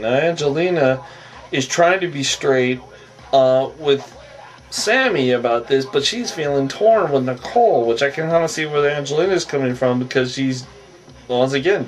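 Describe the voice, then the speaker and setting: A man's voice: medium pitch, rough recording. A man giving a casual, rambling recap of a TV episode, with a habit of saying "on that" and frequent chuckles. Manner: rambling, repeats the tic "on that", chuckles often. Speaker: recap host.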